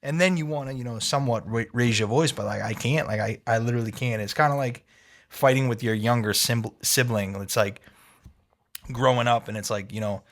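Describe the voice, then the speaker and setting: A man co-hosting a parenting podcast, chatting in a relaxed way and often saying "dude". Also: mid-range voice, brisk. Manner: laid-back, says "dude" a lot, chuckles. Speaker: podcast co-host. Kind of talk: casual chat.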